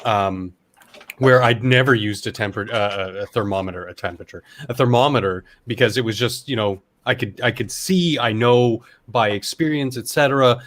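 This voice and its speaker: A man who works as a professional chef, chatting casually over a video call in a halting, rambling way. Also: medium pitch, a bit bright. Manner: hesitant, rambling with restarts. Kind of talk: casual chat.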